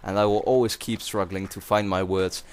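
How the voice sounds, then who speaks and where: Young Dutch-accented male YouTuber, slightly low voice, rambling vlog chat full of fillers. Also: fairly even intonation, normal speed, clean tone. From Netherlands. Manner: rambling, many fillers and restarts. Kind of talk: casual commentary to viewers.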